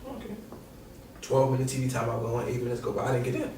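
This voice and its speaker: A young man, a podcast guest telling an animated, slangy, profane story and acting out quotes. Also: mid-range voice, quick pace. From New York. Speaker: podcast guest, former college basketball player. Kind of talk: casual storytelling. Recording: echoey room, distant mic, faint noise.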